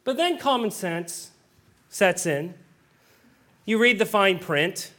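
High-voiced man preaching a sermon. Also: lively intonation, slow, sharp tone. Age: adult. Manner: earnest preaching with joking asides. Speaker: pastor.

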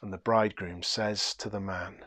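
A man preaching, telling a story dramatically and swinging from hushed to loud. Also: on the low side, fairly even intonation, moderate pace, dry recording. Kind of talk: sermon storytelling.

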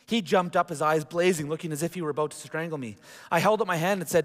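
Male pastor, slightly high voice, reads a story from the pulpit, church-hall echo. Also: fast talker. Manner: reads aloud with asides to the congregation. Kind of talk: sermon, reading a story aloud. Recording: long reverb of a large hall.

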